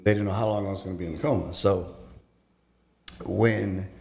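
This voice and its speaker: Male guest, lowish voice, halting conversational storyteller, echoey room. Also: steady tone, creaky, darkish tone. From Texas. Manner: halting, with many restarts and fillers, acts out quoted voices. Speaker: guest, former teacher. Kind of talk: casual storytelling in an interview.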